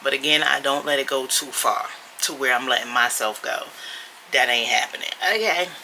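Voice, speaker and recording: Bright sassy woman vlogger, chatty. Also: extremely low pitch, moderate pace, slight background noise, low-quality recording. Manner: chatty, blunt and sassy, with frequent laughs and mild swearing. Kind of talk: casual chat to camera. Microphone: camera.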